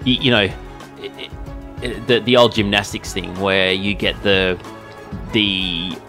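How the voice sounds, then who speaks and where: Low-voiced, hesitant male reviewer. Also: fairly even intonation, takes it slowly, pushed and bright, faint music behind. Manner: hesitant, stammering restarts. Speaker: podcast co-host. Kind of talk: casual music review chat.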